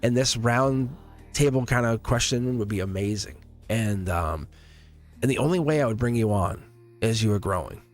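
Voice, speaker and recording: A man with a mid-range voice hosts a live tarot stream, chatting in a loose, earnest ramble full of "um"s, restarts and little laughs. Soft music plays faintly behind him. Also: mid-range voice, normal speed. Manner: laughs often between thoughts. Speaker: tarot reader hosting a livestream. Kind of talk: casual livestream chat.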